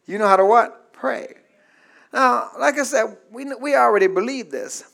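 A man preaching a sermon in call-and-response style, repeating lines and asking the congregation to say them back, swinging between soft asides and shouted climaxes. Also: extremely high pitch, normal speed, gravelly. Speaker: pastor.

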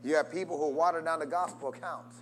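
A man preaches at a quick pace with a steady tone, faint music playing behind him. He repeatedly calls out questions for the congregation to answer and urges them to say amen, in call-and-response style with wide swings in pitch and loudness.

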